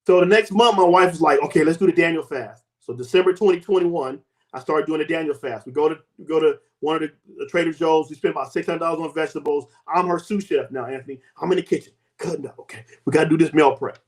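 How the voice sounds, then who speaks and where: Speaking fast, a man in his fifties who works as a host and health coach recounts a personal story, his pitch and volume rising and falling in emphatic, sweeping arcs.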